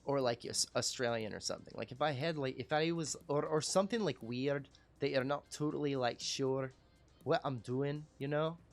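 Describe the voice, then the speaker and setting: A man's voice: mid-range voice, normal speed, soft background music. A man hosting a casual livestream talk show, rambling, profane and self-mocking.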